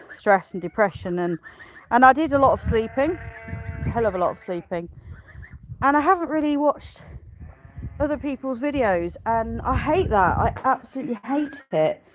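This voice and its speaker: A woman's voice: mid-range voice, slight background noise, rough recording. A woman chatting casually on a live stream while showing her farm animals, rambling and cooing at them. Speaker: smallholder vlogger. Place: outdoors on a farm among sheep and goats.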